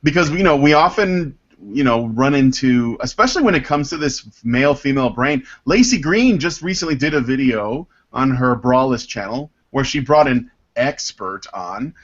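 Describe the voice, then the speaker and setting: Male podcast host, mid-pitched, rambling and filler-heavy, dull lo-fi sound. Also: lively intonation. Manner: rambling, halting, with many fillers. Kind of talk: casual panel chat, reading listener mail.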